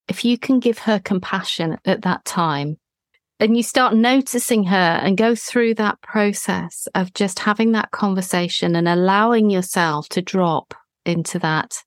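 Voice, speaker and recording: A woman, hosting a gentle therapeutic conversation in a calm, reassuring, deliberate way. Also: medium pitch, no echo, studio quality. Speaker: healing practitioner, podcast host.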